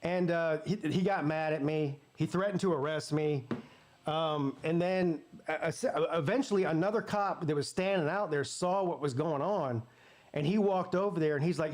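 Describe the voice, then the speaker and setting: Swearing, animated male sports streamer. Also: a little high, normal speed. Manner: animated storyteller acting out quoted voices; swears freely. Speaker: host of a sports watch-party stream. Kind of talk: casual storytelling to live chat.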